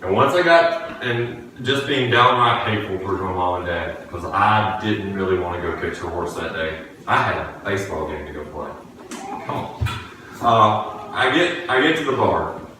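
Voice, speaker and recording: Earnest preacher in an echoey room. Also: male voice, deep voice, lively intonation, bright, forceful tone, a little hiss or hum. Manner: earnest storytelling, halting restarts. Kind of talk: sermon with personal story. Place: church sanctuary. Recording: echoey room, distant from the mic.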